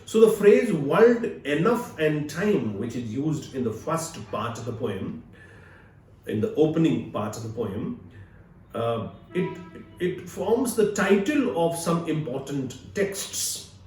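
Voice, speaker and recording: A male literature professor with an Indian English accent giving a recorded video lecture, measured and explanatory with frequent "uh" fillers. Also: a little high, sing-song, darkish tone, recorded from a distance, faint music behind. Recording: echoey room, speaker away from mic.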